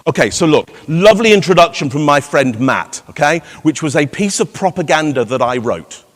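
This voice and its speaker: A man's voice: on the high side, lively intonation, moderate pace. A man giving a live conference keynote, playful and teasing the audience with rhetorical questions. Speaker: keynote speaker. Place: large conference hall. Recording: long hall reverb.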